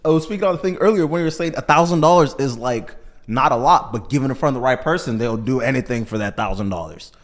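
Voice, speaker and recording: A man's voice: mid-range voice, lively intonation, fast talker. A man hosting a podcast in casual chat, laid-back and teasing, laughing often. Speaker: podcast host.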